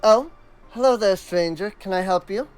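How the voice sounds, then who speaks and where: Man playing a young village huntress, earnest, polite, put-on accent, bright high voice, clean resonant tone. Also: measured pace, clean tone, soft background music, poor audio. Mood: curious, polite.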